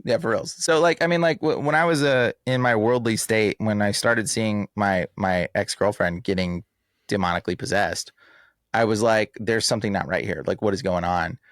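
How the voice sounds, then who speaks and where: A man talking in a casual podcast interview, emphatic and animated, full of slang like "bro" and "like". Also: fairly low pitch, moderate pace, no room sound, clean studio sound. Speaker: exorcist guest.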